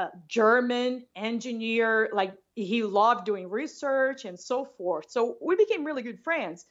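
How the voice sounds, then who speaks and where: Woman guest, lively storyteller with a higher voice and a muffled, lo-fi sound. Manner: animated, with many restarts and repeats. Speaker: interview guest. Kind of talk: casual storytelling.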